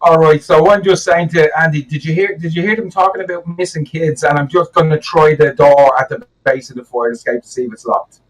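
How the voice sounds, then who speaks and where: Distant, higher-voiced male player. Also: fairly even intonation, brisk. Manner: eager, stating actions. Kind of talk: casual game talk.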